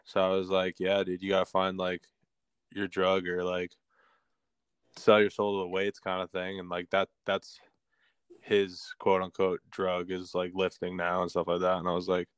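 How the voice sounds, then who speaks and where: A man's voice: low-pitched, monotone, moderate pace, smooth, no echo. A young man co-hosting a podcast in casual chat, telling stories in a laid-back way full of fillers. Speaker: podcast co-host.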